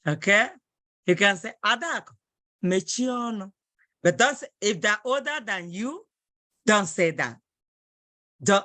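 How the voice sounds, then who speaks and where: A woman's voice: a little high, fairly bright tone, dry recording. A woman language teacher leading an online class, patiently repeating phrases and encouraging her students. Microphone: video call.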